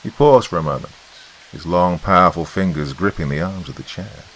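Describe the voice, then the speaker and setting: Male podcast narrator, very low voice, animated delivery, faint rain and hiss in the background. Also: low-quality recording. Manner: expressive, measured storytelling. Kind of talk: dramatic storytelling narration.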